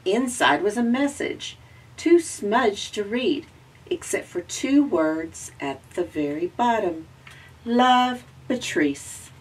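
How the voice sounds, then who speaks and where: A woman with a Southern American accent reading a children's picture book aloud, gently and slowly, lifting her voice for the characters. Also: mid-range voice, sing-song, slightly rough, recorded from a distance. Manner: gentle, slow storytelling with raised voices for characters.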